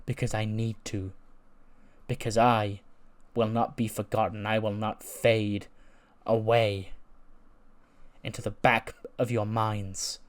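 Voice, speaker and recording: A man voicing an arrogant woman wrestler delivering a grandiose, menacing promo at a measured pace. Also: on the low side, flat delivery. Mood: cold boastful.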